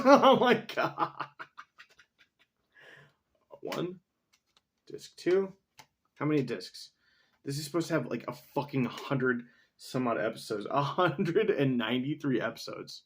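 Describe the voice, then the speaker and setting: A man's voice: medium pitch, slight background noise. A man talking casually to himself in a solo vlog, rambling as he reads definitions aloud and swears now and then. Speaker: vlogger.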